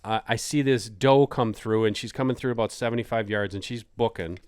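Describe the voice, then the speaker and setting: A middle-aged man telling a hunting story on a podcast in casual chat, acting out quotes with sudden jumps in pitch. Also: brisk, clear, resonant tone. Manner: animated, acts out quotes with big pitch jumps.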